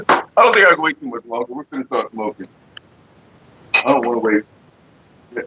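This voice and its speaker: Chatty cali guy hosting his stream, kinda high bright voice, cussing a lot, muffled lo-fi sound. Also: lively intonation, normal speed, pauses often, slightly rough, no room sound. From California. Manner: loose, profane, storytelling, greets chat by name. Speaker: livestream host. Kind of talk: casual livestream chat.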